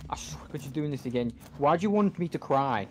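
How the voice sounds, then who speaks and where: A man's voice: on the high side, expressive, brisk, a little mellow, a little hiss or hum. A young man giving let's play commentary, frustrated and swearing at the game as he plays. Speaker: gaming channel host.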